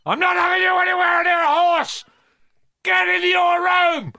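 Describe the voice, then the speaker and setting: A man doing a furious shouting parent. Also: very high-pitched, flat delivery, moderate pace, creaky, voice pushed up, exaggerated voice. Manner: yelling, scolding. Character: furious shouting parent forbidding horse riding.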